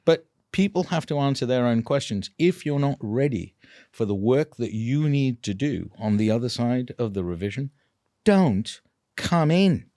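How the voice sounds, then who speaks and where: A man, a dental implant clinician telling a patient story in a casual, animated way, laughing often. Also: medium pitch, normal speed, no echo, studio quality.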